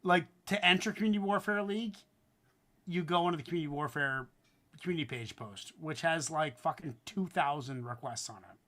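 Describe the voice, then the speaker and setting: A high, bright-voiced man running a live stream, talking fast and loose about a track he just heard. He gets worked up easily, swears casually, and keeps the tone of relaxed online chat. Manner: animated, swearing, excitable judging. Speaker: host. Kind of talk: casual livestream commentary.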